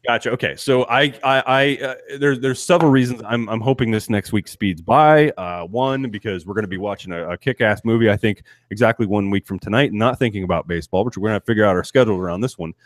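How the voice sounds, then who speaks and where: A man's voice: fairly low pitch, fast talker, hardly any pauses, no room sound, clean studio sound. A middle-aged man co-hosting a sports podcast, ranting in an exasperated way and restarting his sentences often. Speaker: podcast co-host. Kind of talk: casual sports chat.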